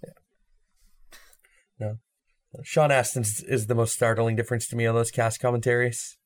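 Co-host, easygoing storyteller, amused tone, mid-range pitch. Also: level tone, moderate pace. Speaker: podcast co-host. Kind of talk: casual chat.

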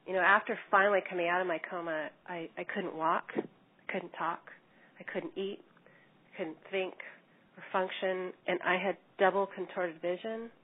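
Middle-aged woman, lowish husky voice, earnest first-person storyteller, heard over a thin phone-like line. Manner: earnest, measured telling with small restarts. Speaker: coma survivor telling her story.

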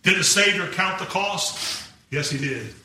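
A middle-aged man preaches with fiery passion, climbing to shouts as he drives his points home. His voice is high and very bright. It carries from a distance through a booming, echoey church sanctuary. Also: unhurried. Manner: impassioned preaching, rising to shouts. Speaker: pastor. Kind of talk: sermon. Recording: echoey church hall from far off.

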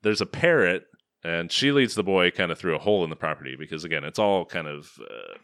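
A man co-hosting a casual film-review podcast, sarcastic and quick to laugh, his sentences trailing off quietly at times. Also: low-pitched, expressive, dry recording. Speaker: podcast co-host.

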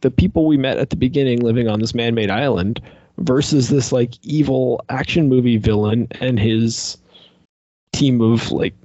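A man's voice: medium pitch, normal speed, warm tone, no room sound, highs cut off. A man in casual podcast chat, animatedly ranting and exasperated, filling his talk with "like". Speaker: podcast co-host reviewing a movie.

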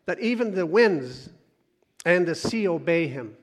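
A man preaching a conversational sermon, repeating words and dropping quiet when he quotes scripture. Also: sits high, expressive, unhurried, in a large hall. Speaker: pastor.

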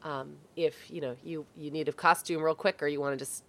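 Hoarse woman co-host with a cold, quick and chatty, lower pitch. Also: fairly even intonation, a crowd in the background. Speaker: podcast co-host. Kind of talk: casual chat.

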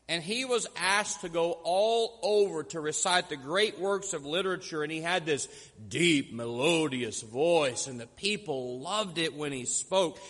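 A man preaching a sermon as pastor, telling stories and slowing down to stress key points. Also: sits high, fairly bright tone, big-room sound. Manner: storytelling, slows down for emphasis.

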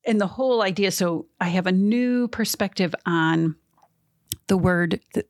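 A woman's voice: mid-range voice, measured pace, no echo, clean studio sound. A middle-aged woman co-hosting a Bible podcast, sharing her thoughts in an earnest, enthusiastic way. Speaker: podcast co-host. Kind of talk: casual Bible discussion.

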